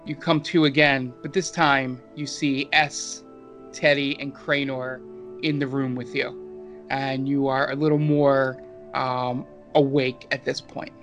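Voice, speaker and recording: A man's voice: mid-range voice, level tone, slow, fairly bright tone, faint music behind. A man who narrates as game master, speaking hesitantly with many filler words.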